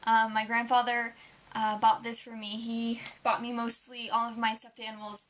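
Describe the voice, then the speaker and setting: Young female vlogger, bright tone, rambling casual chat. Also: on the high side, completely flat delivery, normal speed. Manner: rambling, chatty, lots of "um" and "like".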